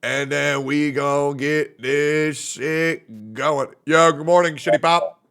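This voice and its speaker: A man's voice: fairly high pitch, steady tone, takes it slowly, gravelly, fairly bright tone, clean tone. A man hosting a live stream, chatting casually and teasing his guests on a group call. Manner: joking, teasing banter. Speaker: streamer host.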